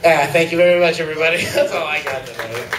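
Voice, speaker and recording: A man's voice: fairly high pitch, fast talker, reverberant, far from the mic, noisy background. Man telling crude stand-up jokes. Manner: crude joke-telling, laughing at own jokes. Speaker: stand-up comic. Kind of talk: open-mic stand-up set. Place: small comedy club.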